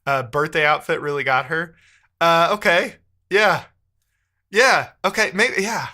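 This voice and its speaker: Male live-coding streamer, bright forward voice, casual muttering chatter, keyboard typing behind. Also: on the high side, unhurried. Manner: chatty, thinks aloud, muttering while typing.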